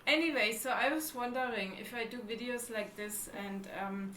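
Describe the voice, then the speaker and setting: Woman, German accent, fairly high voice, chatty, echoey room, faint hiss. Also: moderate pace, bright, forceful tone. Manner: chatty, restarts sentences, searches for words. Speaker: livestream co-host. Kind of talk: casual chat.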